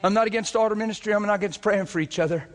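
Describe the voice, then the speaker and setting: Man, preacher, sermon, high-pitched, fervent, earnest, laughs often. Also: rapid-fire, in a large hall. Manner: fervent, laughs often, swings between quiet earnest and excited.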